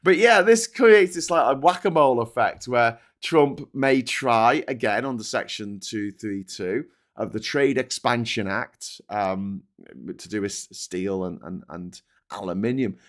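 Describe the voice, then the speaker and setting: A man's voice: mid-range voice, unhurried. A British man hosting a political commentary show, ranting casually and sarcastically. He swears freely, stumbles over and repeats words, and his voice climbs when he gets worked up.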